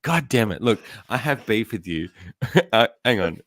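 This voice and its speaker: A middle-aged man with a very low, deep voice, chatting casually as a podcast host. He rambles easily and breaks into laughter often. The sound is dry and close. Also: sing-song, unhurried, fairly bright tone, dry recording.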